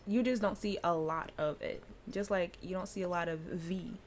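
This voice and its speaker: A woman's voice: lowish voice, steady tone, moderate pace, a little hiss or hum. A woman giving a casual pronunciation lesson, chatty and loose, often breaking into laughter as she explains. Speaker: language teacher.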